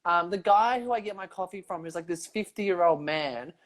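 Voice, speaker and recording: A woman's voice: lowish voice, animated, moderate pace. A woman hosting a casual interview, asking loose, eager questions full of filler words. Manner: eager, loose phrasing with many "like"s. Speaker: interviewer host. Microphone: video call.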